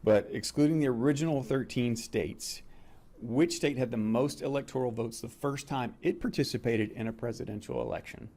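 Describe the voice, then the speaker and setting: A man with a mellow, darker voice runs a relaxed quiz. He reads each question deliberately and repeats it, so his guests can follow along. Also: medium pitch. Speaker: quiz host. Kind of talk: casual quiz show chat.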